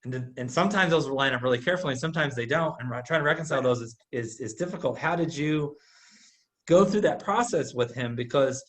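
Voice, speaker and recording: A man's voice: medium pitch, fast, fairly bright tone. A man hosting a casual interview, thinking aloud and asking long, reflective questions. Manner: reflective, asks long questions with filler words. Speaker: host.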